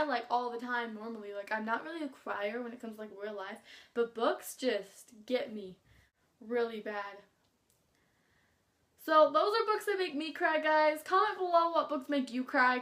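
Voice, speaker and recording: A woman's voice: a little high, moderate pace, fairly bright tone. A teenage girl talking casually about books as a vlogger, gushing and chatty with lots of filler words. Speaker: book vlogger. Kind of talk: casual chat.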